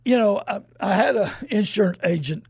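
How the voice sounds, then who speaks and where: A man hosts a radio talk show, rambling and emphatic as he acts out the people in his stories. His voice sits high for a man, with a gravelly, husky edge, and the recording is close and dry. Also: animated, normal speed, darkish tone, no echo. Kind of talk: folksy radio talk monologue.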